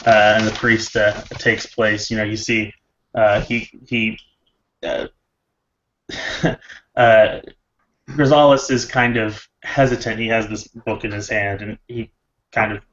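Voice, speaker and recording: Rambling low-voiced male player. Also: fairly even intonation, a bit bright, a little hiss or hum. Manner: rambling, halting restarts. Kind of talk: describing a character's actions. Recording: dull lo-fi audio.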